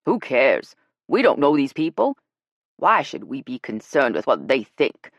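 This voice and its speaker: Brash older woman, blunt and teasing, loud, read by a female narrator. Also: extremely low pitch, wildly swooping pitch, a little slow, vocal fry, no echo, highs cut off, exaggerated voice. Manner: brash and bossy.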